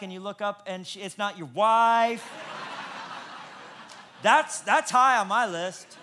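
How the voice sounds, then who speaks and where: A middle-aged man preaching a sermon in a fairly high voice. He prays softly and quietly, then shifts into light, self-mocking stories of everyday awkward moments, acting out the lines he quotes. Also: a little hiss or hum. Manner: self-deprecating storyteller, acts out quoted lines; prays in a soft, hushed tone. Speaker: pastor. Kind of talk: sermon with humorous anecdotes.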